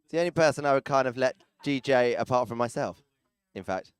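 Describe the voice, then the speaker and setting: A man's voice: medium pitch, a little fast, clean tone. A man commenting live as arena announcer, chatty and teasing, with jokey asides to people around him, speaking into a close microphone.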